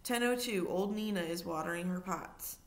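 A woman's voice: on the low side, normal speed, lightly acted. A woman voicing a nosy, chirpy young girl in a storybook reading, bubbly and prying. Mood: excited.

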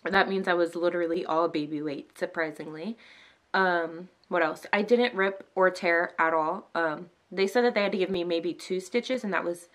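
A woman's voice: on the low side, normal speed. Teary young woman vlogging casually. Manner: emotional, near tears, many "like" and "um" fillers. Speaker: vlogger, new mother. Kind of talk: casual chat to camera.

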